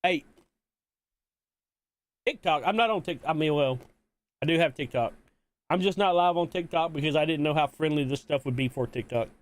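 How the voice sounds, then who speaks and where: A man's voice: fairly high pitch, moderate pace, long pauses. A man from Mississippi, chatting casually to viewers while hosting a live-stream watch party, rambling and repeating himself.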